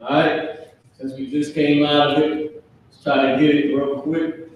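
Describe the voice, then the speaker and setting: A man teaching a live online language class, talking casually with slang and spelling out words slowly for students. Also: a little high, level tone, far from the mic, lo-fi sound. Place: classroom with a board. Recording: echoey room, off-mic.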